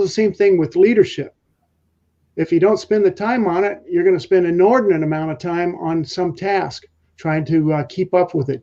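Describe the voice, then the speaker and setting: A man's voice: on the high side, warm tone, highs cut off. A man guest on a podcast, telling leadership stories in a rambling way with many fillers. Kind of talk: casual podcast talk.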